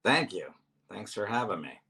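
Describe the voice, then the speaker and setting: A man's voice: fairly low pitch, very animated, normal speed, creaky, sharp tone. A man, a comedian guest in a casual chat, talking in a rambling, self-deprecating way with lots of restarts. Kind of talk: casual chat over drinks.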